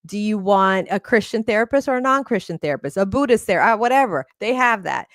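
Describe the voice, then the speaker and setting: A woman's voice: medium pitch, animated, a little fast, dry recording, studio quality. A woman therapist, a guest on a podcast, talking in an earnest, encouraging way. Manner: earnest, encouraging, laughs often. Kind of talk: casual interview talk.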